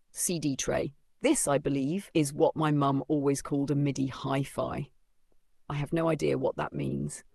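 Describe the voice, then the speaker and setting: A man's voice: on the high side, vocal fry, a little mellow, no echo. A man narrating a first-person novel in a dry, sardonic storytelling manner. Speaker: audiobook narrator.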